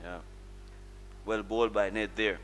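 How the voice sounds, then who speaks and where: A man with a Caribbean accent giving calm, measured colour commentary on a live cricket match and explaining tactics. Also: fairly low pitch, slight background noise. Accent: Caribbean English. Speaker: cricket analyst.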